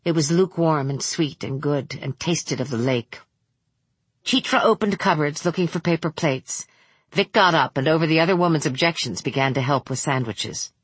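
Low, husky woman narrating an audiobook. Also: dry recording. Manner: measured, steady. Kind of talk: scripted narration.

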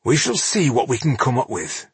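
A man's voice: mid-range voice, big pitch swings, moderate pace, husky, no room sound, pitched above the performer's own voice, full character voice. A man voicing a stern male dwarf who gives firm orders and cold threats in an audiobook. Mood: threatening.

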